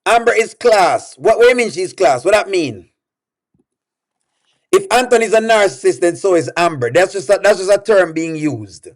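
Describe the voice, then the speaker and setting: A man's voice: sits high, animated, normal speed. A man giving casual, emphatic reaction commentary, repeating himself and laughing often. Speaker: reaction video host.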